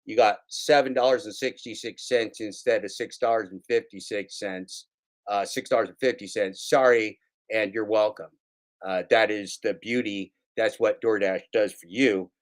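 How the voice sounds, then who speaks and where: A man's voice: lowish voice, steady tone, normal speed. Sarcastic, profane livestream host man. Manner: sarcastic, profane, repeats his lines. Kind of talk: casual livestream rant.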